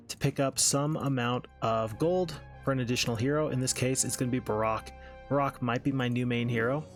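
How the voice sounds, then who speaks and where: A man hosting a let's-play, commenting on his strategy game as he plays and thinking aloud in an easygoing, self-mocking way. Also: mid-range voice. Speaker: gaming channel host.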